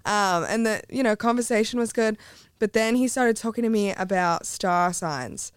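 A young woman tells stories in a loose, animated podcast chat. Her voice is smooth and clear, recorded close with almost no room sound. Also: medium pitch, normal speed, dry recording. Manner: animated storytelling, swearing, laughing. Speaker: guest.

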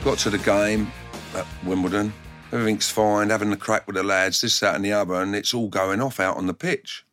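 Blunt ex-footballer in his own words, lower-pitched, telling tales with lively put-on voices. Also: brisk, soft background music. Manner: blunt, animated, puts on voices when quoting. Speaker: former footballer. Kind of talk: anecdotal storytelling in a documentary interview.

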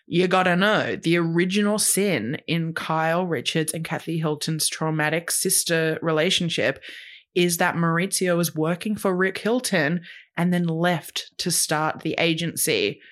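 Woman, podcast co-host, slightly low voice, gossipy casual chat. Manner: fast, gossipy pop-culture recapping.

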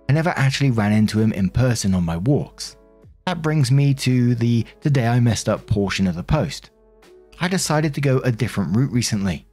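A man's voice: medium pitch, darkish tone. A man reading a funny post aloud and adding casual commentary, amused and laughing along. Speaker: storyteller reading a Reddit post.

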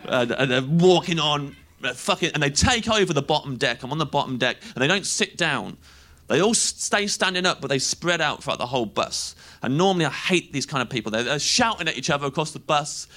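Brief: comic in his thirties, bright, slightly high, lively storytelling. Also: fairly quick. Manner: animated, acts out voices, laughs through lines. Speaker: stand-up comedian. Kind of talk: stand-up storytelling.

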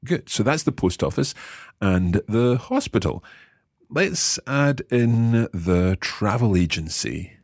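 A man hosting a language lesson, patiently explaining Italian words and slowing down to repeat phrases. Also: fairly low pitch, animated, dry recording, studio quality. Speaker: language course host.

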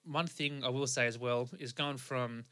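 A young man with an Australian accent tells his story in a loose, meandering way, circling back and restarting his sentences. His voice sits at an ordinary pitch with a bright, forward edge. It is a casual podcast monologue. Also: steady tone, normal speed. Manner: rambling, many fillers and restarts. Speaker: podcast host.

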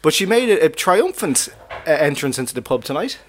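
Male podcast host, bit high-pitched, rambling, laughs a lot, casual chat in a pub. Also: very animated, fairly quick, slight background noise.

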